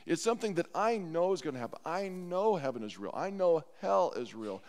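A man preaching a sermon as pastor, earnest and slowing down to stress scripture lines. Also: fairly high pitch, very animated, a little mellow, long reverb tail. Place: church sanctuary.

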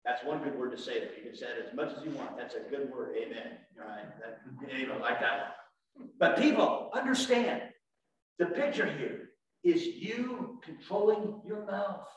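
A man preaching a sermon as pastor, animated, swinging from shouts to quiet asides. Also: medium pitch, moderate pace. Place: church sanctuary. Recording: echoey church room from far off.

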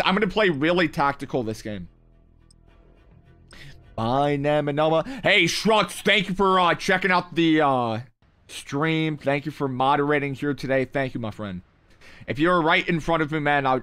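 A man's voice: fairly high pitch, bright, forceful tone. A young man livestreaming a mobile game, reading his chat aloud with hyped, playful, slangy banter. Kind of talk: live gaming stream, reading chat.

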